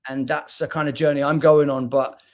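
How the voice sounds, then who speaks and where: A man's voice: on the high side, little pitch movement, brisk. A man from the United Kingdom with a British accent, speaking over a video call in a slightly raised register. He talks earnestly and reflectively, restarting words as he gathers his thoughts. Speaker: guest, spoken word artist. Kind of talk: candid conversation on a livestream.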